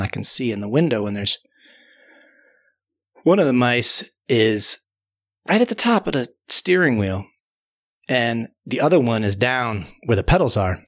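A man's voice: mid-range voice, lively intonation, moderate pace, fairly bright tone. A man telling a tall tale in a loose, rambling way, often restarting and adding "you know". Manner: rambling, repeats words and fills with "you know". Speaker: storyteller. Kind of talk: casual spoken tall tale.

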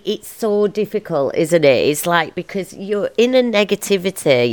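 A chatty woman hosts a casual motivational podcast in a lowish voice. Her pitch leaps and dips freely as she talks. She is bubbly and laughs often. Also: clean tone. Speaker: podcast host.

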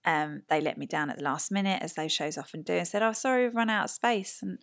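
A woman in her thirties tells her story as a guest on a podcast. She speaks in a fairly low voice and acts out everyone she quotes. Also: lively intonation, fast, gravelly, a bit bright. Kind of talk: casual storytelling chat.

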